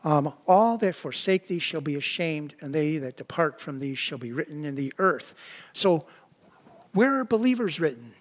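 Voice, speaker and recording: Man, pastor, high-pitched voice, conversational sermon, asks the congregation "right?", acts out quoted voices. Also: animated, moderate pace. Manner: conversational preaching with frequent "right?" and "you know".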